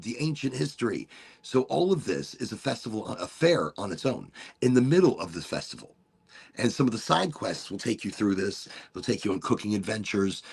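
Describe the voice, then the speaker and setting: Gravelly, rambling male podcast host. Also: medium pitch. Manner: rambling, enthusiastic, playful asides. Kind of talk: casual livestream chat.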